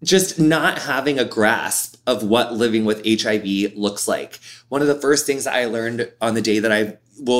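A man in his thirties, appearing as an interview guest, speaks candidly with an animated, expressive delivery full of "like." His pitch sits fairly low.

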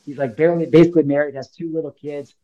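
A man's voice: on the high side, steady tone, racing, lo-fi sound. A man in his thirties from Illinois, telling a personal story as a podcast guest in a casual, slangy, emphatic way, acting out the lines he quotes. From Illinois, United States.

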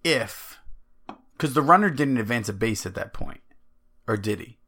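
A man co-hosting a sports podcast, telling stories in an excitable, animated way. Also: mid-range voice, moderate pace. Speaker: podcast co-host. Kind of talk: casual sports chat.

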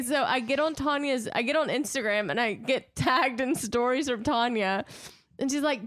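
A young woman co-hosting a podcast, telling a story in an animated, laughing way. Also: high voice, normal speed, no room sound, clean studio sound. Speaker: podcast co-host. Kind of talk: casual chat.

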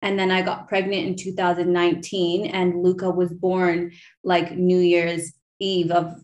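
A woman's voice: lowish voice, monotone, measured pace, a little mellow, highs cut off. A woman in her thirties hosting a podcast, telling a personal story in a chatty way, full of fillers and restarts. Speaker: podcast host.

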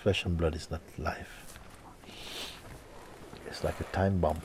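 A man teaching through a dramatic story, repeating words and swinging between loud and hushed delivery. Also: low voice, little pitch movement, takes it slowly, slight background noise. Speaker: spiritual teacher.

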